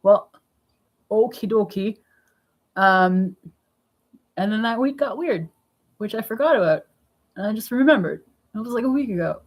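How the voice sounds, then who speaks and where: A woman's voice: a little high, moderate pace, pauses often. Blunt, sweary woman vlogging from home. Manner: blunt, sweary, animated retelling. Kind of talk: casual diary vlog. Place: at home indoors.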